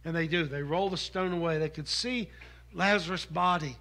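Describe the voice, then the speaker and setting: A man preaching a sermon as pastor, earnest, moving from loud appeals to soft, intimate ones. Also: fairly high pitch, moderate pace.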